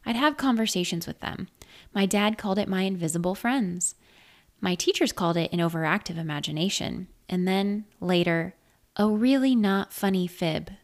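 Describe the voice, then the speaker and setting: A woman narrating a first-person story in a measured, reflective way. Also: mid-range voice.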